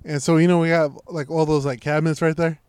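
A man with a slightly higher voice tells a story in a relaxed podcast chat. He acts out the other people's lines and swears freely as he goes, and the sound is close and dry. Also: quick pace, clean tone, dry recording.

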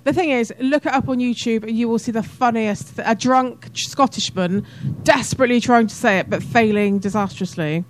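A woman's voice: a little high, moderate pace, hardly any pauses, a little hiss or hum, rough recording. A woman co-hosting a casual podcast, chatty and laughing often. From England. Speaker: podcast co-host. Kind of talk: casual chat.

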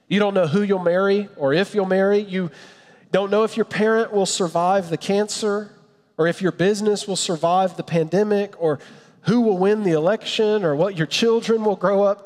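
A man preaching a sermon in an earnest, reflective way, with a storyteller's pauses. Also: high-pitched, a little mellow. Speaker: pastor. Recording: long reverb.

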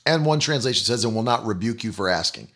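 A man's voice: medium pitch, lively intonation, fast, a bit bright. A man preaching a sermon, emphatic and repetitive, leading the listeners in spoken declarations. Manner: emphatic, repeats key phrases; leads declarations.

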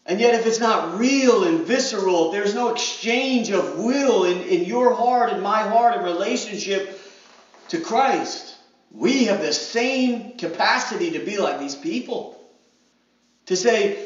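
Male pastor, high-pitched, dramatic preaching, dull distant recording. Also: moderate pace. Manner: preaching with dramatic voiced crowd quotes. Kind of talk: sermon. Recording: echoey hall, distant mic, dull sound.

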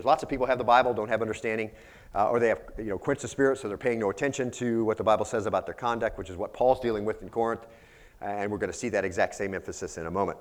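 Man, pastor, sermon, earnest teaching tone, rhetorical questions, somewhat low voice.

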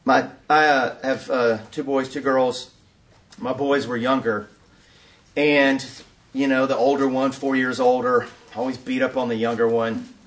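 A man giving a preaching-style conference talk, an animated storyteller who acts out scenes and asks the audience rhetorical questions. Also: mid-range voice, unhurried, distant mic. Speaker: workshop speaker at a conference.

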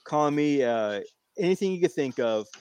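Guy telling a rambling story, kinda high voice, dry close sound. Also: normal speed, smooth, dry recording. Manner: animated, repeats himself while telling a story. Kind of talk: casual chat.

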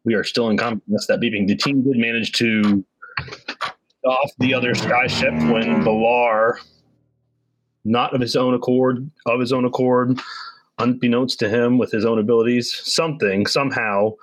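A man's voice: medium pitch, fairly even intonation, normal speed, no echo, poor audio. A man acting as game master, recapping the last session in a casual, hesitant way with many fillers. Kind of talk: narrating a tabletop game recap.

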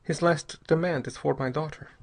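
Man doing an older official, quiet, very calm, grave, storybook reading. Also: a little high, moderate pace, gravelly, voice pushed up.

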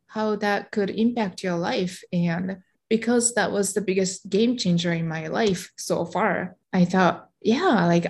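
A middle-aged woman with a Japanese accent, speaking English as her second language. She is a guest in an interview and tells her story in a reflective way, with frequent fillers and light laughter. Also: medium pitch. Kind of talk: interview conversation.

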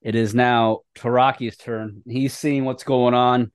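A man's voice: mid-range voice, little pitch movement, clear, resonant tone. A man running a tabletop game as game master, calling rolls and describing the action. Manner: brisk rules narration.

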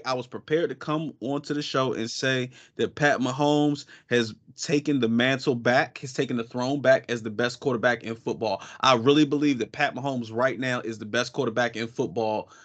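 A man co-hosting a casual sports podcast, talking in an animated, profane way and breaking into quick impressions of people. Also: medium pitch. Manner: animated, profane, mimics voices mid-rant. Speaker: podcast co-host.

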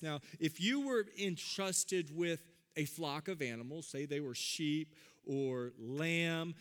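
A man delivering a sermon in a high, bright voice. He preaches with animation and calls out to his listeners. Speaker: pastor.

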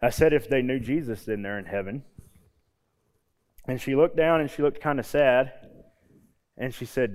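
A man in his thirties, a youth pastor, preaching a casual sermon with homey stories and quiet, low emphasis on key points. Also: moderate pace, long pauses. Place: church hall. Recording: long hall reverb.

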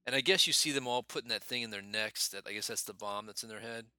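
A man's voice: mid-range voice, fast, sharp tone, clear, resonant tone, no echo. A man co-hosting a podcast in casual movie chat, rambling loosely and swearing in passing. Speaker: podcast co-host.

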